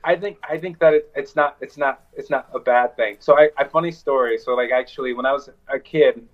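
Male wrestler guest, rambling storyteller, mid-pitched voice, dull lo-fi remote line. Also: a little fast. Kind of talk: casual interview chat.

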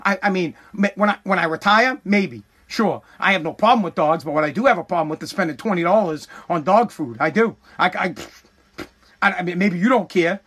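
A man's voice: high-pitched, lively intonation, brisk, a bit bright, breathy edge. A man telling a comic story as a profane, exasperated rant, full of stammered restarts. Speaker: comedic storyteller.

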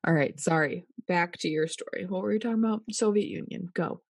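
A woman's voice: on the low side, no room sound, clean studio sound. A woman co-hosting a casual podcast, joking, teasing and swearing freely. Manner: joking and profane, quick to tease. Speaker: podcast co-host. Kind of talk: casual chat.

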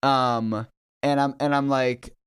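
A man's voice: mid-range voice, slow, clear, resonant tone. A man, a stand-up comedian, chatting as a podcast guest and acting out the voices of people in his stories. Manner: animated, acts out quoted voices. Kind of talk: casual chat, storytelling.

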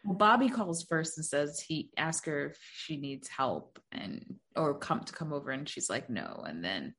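Low-voiced woman chatting about movies. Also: expressive, moderate pace, fairly bright tone. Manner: chatty, rambling with fillers. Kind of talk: casual movie recap chat.

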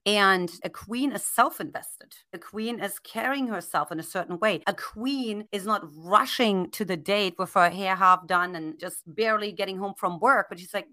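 A woman in her thirties, a relationship coach, speaking earnestly in a casual podcast conversation and telling animated stories. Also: fairly low pitch, moderate pace, hardly any pauses.

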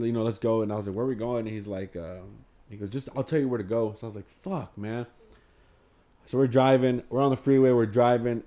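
A young man with a twang tells a long story among friends. He rambles, swears freely and acts out the lines of everyone involved, at a middling pitch. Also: dark tone. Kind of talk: casual storytelling chat.

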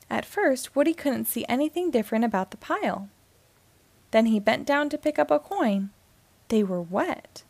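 Female storyteller reading a kids' book aloud; slightly high voice, dry close recording. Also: gravelly, a little mellow, no room sound.

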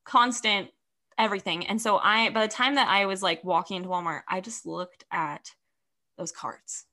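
A young woman telling a story in casual chat, animated and full of "like" fillers. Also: mid-range voice, moderate pace.

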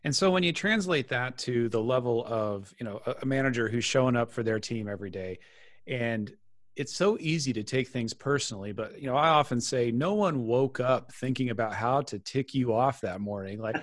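A man's voice: medium pitch, normal speed, no room sound, studio quality. A man hosting a podcast interview, talking in a casual, conversational way and adding rhetorical asides. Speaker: host.

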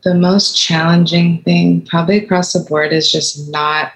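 A woman attorney talking as a podcast guest, with a low-pitched voice. She speaks frankly and casually, with plenty of fillers. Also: level tone, normal speed, poor audio. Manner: chatty, frank, filler-heavy. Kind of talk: casual interview chat.

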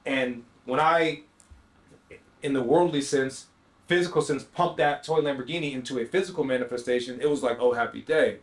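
A man hosting a podcast, telling a story in a slangy, animated way and acting out both sides of the conversation. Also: mid-range voice, normal speed. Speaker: podcast host. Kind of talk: storytelling monologue. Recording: roomy echo.

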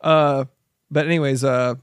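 A man's voice: medium pitch, steady tone, unhurried, clear, resonant tone, dry recording. A man co-hosting a podcast, telling stories in a rambling, casual way and laughing often. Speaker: podcast co-host. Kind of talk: casual film discussion.

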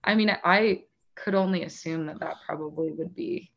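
A woman in casual chat, talking in a relaxed, rambling way with lots of fillers and frequent laughs. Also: low voice, normal speed, vocal fry, lo-fi sound. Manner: chatty, many "like" fillers, laughs often.

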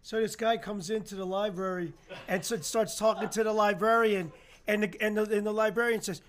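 A man's voice: high voice, steady tone, a little fast, fairly bright tone, slight background noise. A man co-hosting a casual chat, joking and teasing. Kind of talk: casual chat and joke telling.

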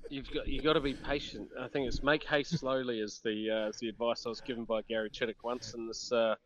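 A man's voice: medium pitch, fairly even intonation, fairly quick, noisy background. A middle-aged man with a New Zealand accent, chatting laid-back and hesitant with many fillers. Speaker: national cricket coach as guest. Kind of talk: relaxed chat by phone. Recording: dull lo-fi line.

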